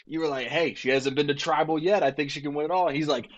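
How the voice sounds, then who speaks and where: A young man co-hosting a podcast, who laughs often and retells events with excitement. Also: a little high, fast talker. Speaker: podcast co-host. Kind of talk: casual chat. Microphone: podcast microphone.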